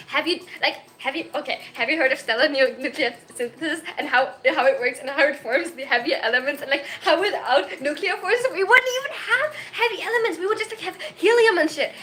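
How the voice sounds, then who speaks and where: A woman in her twenties from Germany, chatting casually on a livestream over her phone, excitable and giggly with rambling self-mocking jokes. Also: sits high. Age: 20s. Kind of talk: casual chat.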